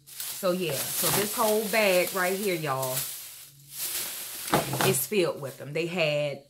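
A woman chatting casually to her viewers in an animated haul vlog, calling them y'all and feeling a little unwell. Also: lowish voice, takes it slowly, background noise. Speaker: vlogger.

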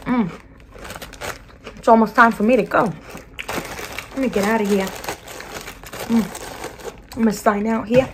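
A woman's voice: medium pitch, fairly bright tone, a little hiss or hum. Woman playing Charlotte, a blunt New Jersey counselor. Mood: grumbling. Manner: blunt, self-centered, keeps calling the listener sweetie. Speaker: school counselor. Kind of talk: whispered role-play.

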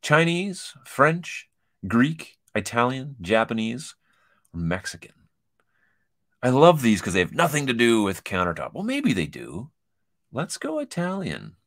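A man's voice: mid-range voice, sing-song, unhurried, a bit bright. A man hosting a casual kitchen-design show, reading an online quiz aloud and joking through it. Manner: joking, chatty, reads quiz items aloud with asides. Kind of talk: casual commentary over a shared screen.

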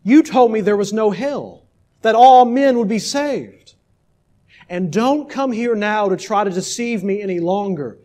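A man's voice: fairly high pitch, lively intonation, unhurried, a little mellow. A man reading aloud the words of a dying young man who anguishes and accuses his father, speaking with a raised, pained voice. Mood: anguished.

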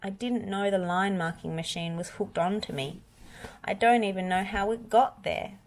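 A woman's voice: medium pitch, moderate pace, voice pushed up, close to an everyday voice. A woman playing a pleading young tractor. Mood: upset. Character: runaway young male tractor, upset and pleading.

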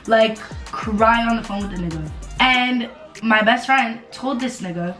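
A woman with a fairly high voice rants through a casual storytime, cursing freely and hammering her points with repetition. She sounds roomy and echoey, with faint music underneath. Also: measured pace. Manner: animated and profane, with emphatic repetition. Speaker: vlogger telling a story. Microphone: camera mic.

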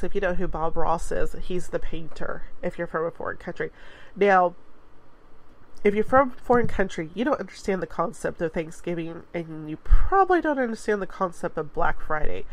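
A congested woman in her forties, a radio host chatting casually and rambling with small laughs. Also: fairly low pitch. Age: 40s. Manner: rambling, laughs between thoughts. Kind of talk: casual chat.

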